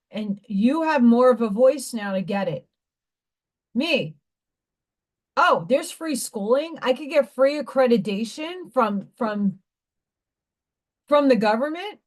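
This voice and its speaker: Chatty, slightly high-voiced woman livestreaming. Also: lively intonation, slow pace. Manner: rambling and emphatic, greets viewers mid-sentence. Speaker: livestream host and school teacher. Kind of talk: casual livestream chat.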